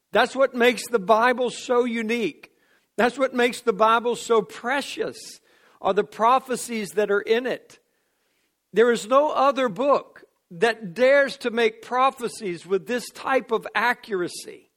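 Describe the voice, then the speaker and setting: High-voiced, slow-preaching man. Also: a bit bright. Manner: emphatic, rising to fervent declarations. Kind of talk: sermon.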